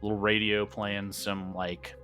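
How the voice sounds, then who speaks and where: A man's voice: fairly low pitch, little pitch movement, unhurried, sharp tone, faint music behind. A man narrating a tabletop game as game master, casual and joking. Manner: casual and joking, with many fillers.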